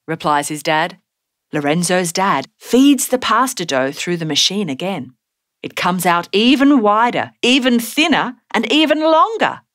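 A woman giving a gentle, scripted storybook narration for children. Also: fairly low pitch, dry recording, clean studio sound. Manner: slow, expressive, gentle.

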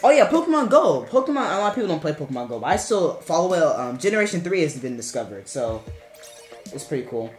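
A man's voice: very animated, fast talker. Rambling male gamer in an echoey room. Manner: rambling and playful, chanting "garbage" in sudden high squeals. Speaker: game streamer. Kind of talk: casual live-stream commentary while gaming. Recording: echoey room with faint game music.

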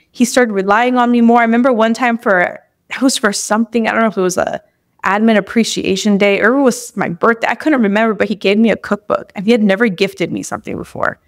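A woman with a fairly high voice, a guest on a podcast, recounts her own experiences in an easy, conversational way. She talks in loose, chatty bursts with frequent restarts. She acts out her past thoughts as she goes. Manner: chatty, with many restarts and acted-out inner thoughts. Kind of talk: personal storytelling in a casual interview.

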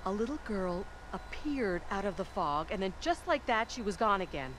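A woman's voice: medium pitch, very animated, moderate pace, fairly bright tone, a little hiss or hum, rough recording. An actress playing a blunt, defiant young woman in a horror video game. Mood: tense. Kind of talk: video game character dialogue.

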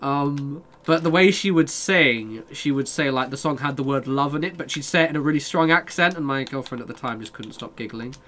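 Bright-voiced streamer, sweary. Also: male voice, mid-range voice, a little fast, few pauses, a little hiss or hum. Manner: chatty, sweary, reads and answers chat. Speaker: game streamer. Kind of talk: casual live-stream chat with viewers.

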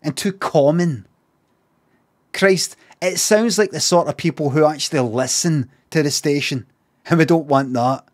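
A Scottish man livestreaming, talking in a casual, sweary, animated rant. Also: on the high side, measured pace.

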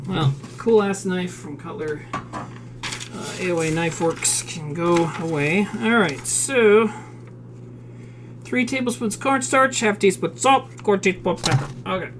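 A woman's voice: fairly low pitch, unhurried, noisy background. A woman from South Dakota cooking live on a stream, reading recipe steps aloud, swearing freely and answering chat in a home kitchen.

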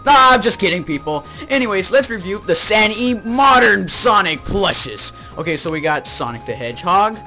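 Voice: mid-range voice, animated, moderate pace, few pauses, pushed and bright, faint music behind. A YouTuber from Texas hosting a jokey, rambling comedic toy review with plush skits. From Texas, United States.

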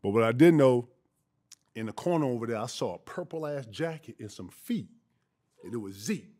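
A man's voice: medium pitch, lively intonation, normal speed, dark tone. A man telling stories from his playing days in a loose, profane way, acting out the voices of other people. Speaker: guest storyteller. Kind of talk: casual storytelling.

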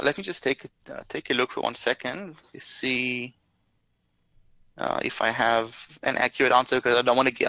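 A man's voice: mid-range voice, sharp tone, no room sound, poor audio. A man answering viewer questions in a live webinar, explaining carefully with lots of hesitant fillers. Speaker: product expert answering questions.

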